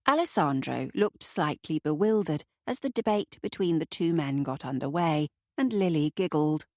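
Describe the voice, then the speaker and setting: A woman narrating an audiobook in a steady, even storytelling manner, close to the mic. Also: low-pitched, normal speed, few pauses, no room sound. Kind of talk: scripted narration.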